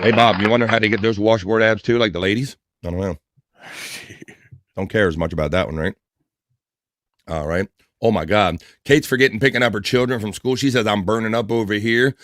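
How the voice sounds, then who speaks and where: A man's voice: fairly low pitch, brisk, a bit bright, no room sound. A man hosting a casual livestream, playfully teasing and reading viewer comments aloud. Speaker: livestream host.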